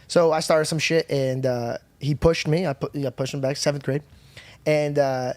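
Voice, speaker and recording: A man's voice: fairly high pitch, normal speed, no echo. Candid man telling a story, dry sound. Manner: candid, profane, animated retelling. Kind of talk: casual podcast storytelling. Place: podcast studio.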